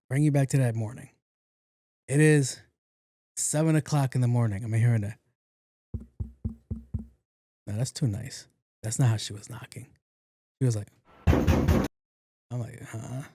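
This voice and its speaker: A young man tells a story on his podcast in a loose, profane way. His voice sits at an ordinary pitch, and the sound is close and dry. He acts out every quote with lively energy. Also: no echo. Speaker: podcast host. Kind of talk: casual storytelling monologue.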